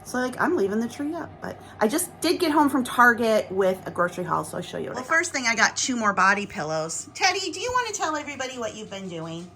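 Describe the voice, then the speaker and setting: A woman's voice: a little high, big pitch swings, fast talker, hardly any pauses, background noise. A woman vlogger chatting casually to the camera at home, rambling along in a self-deprecating way. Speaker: lifestyle vlogger.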